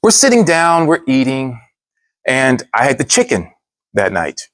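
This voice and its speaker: Brief: man narrating his own story, animated, quick to slip into character voices, dry close sound. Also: medium pitch, dry recording. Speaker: speaker telling a personal story. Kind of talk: storytelling speech.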